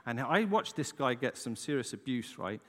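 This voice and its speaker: A man's voice: medium pitch, moderate pace. A middle-aged English man preaching, telling a story dramatically and checking in with the listeners as he goes. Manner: animated, dramatic storytelling with frequent "right?" asides. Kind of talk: storytelling sermon. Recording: long hall reverb.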